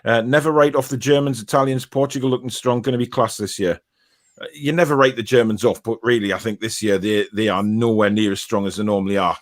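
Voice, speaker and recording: A man's voice: lowish voice, steady tone, fast. A man hosting a football podcast, reading viewer comments aloud and teasing his co-hosts in casual banter.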